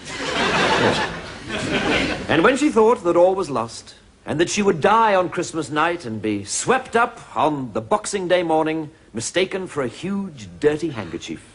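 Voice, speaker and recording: A sardonic butler who schemes behind his master's back. His deadpan drawl sits slightly high and swings widely. A faint hiss runs under the old TV audio. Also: measured pace. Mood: sneering. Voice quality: dry, sneering, deadpan. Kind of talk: 1980s TV sitcom acting.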